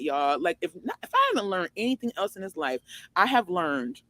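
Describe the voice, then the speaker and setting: A woman's voice: very animated, moderate pace, dry recording. A woman in her forties hosting her own online show, giving an emphatic, preachy motivational faith talk full of rhetorical questions. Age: 40s. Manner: jumps high and loud for emphasis.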